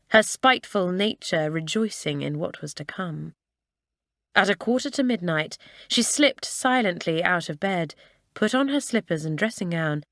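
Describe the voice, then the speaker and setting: A woman narrating a children's school story in a measured, expressive storytelling manner. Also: lowish voice, no room sound, studio quality. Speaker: audiobook narrator.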